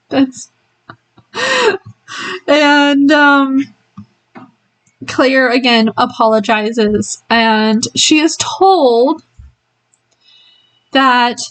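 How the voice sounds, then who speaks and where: A woman's voice: on the high side, poor audio. A woman giving a casual spoiler book review, retelling the story in a rambling way with many ums and small laughs.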